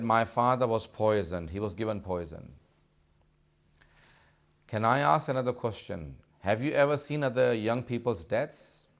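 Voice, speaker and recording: A man's voice: medium pitch, gravelly. A man preaching a sermon, telling a sad story with growing emotion. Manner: impassioned, rising in grief.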